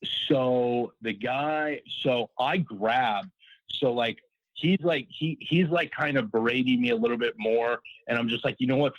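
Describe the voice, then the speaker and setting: A man's voice: mid-range voice, a bit bright, no echo, dull audio. A man calling in to a podcast, telling a long story in a rambling way, full of fillers and quoted exchanges. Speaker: caller. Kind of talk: casual storytelling on a call-in show.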